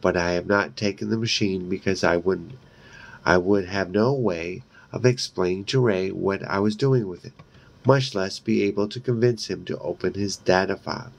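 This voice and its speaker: A man reading a horror novel aloud in a slow, deliberate way, with brief asides of his own. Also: deep voice, vocal fry. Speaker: reader.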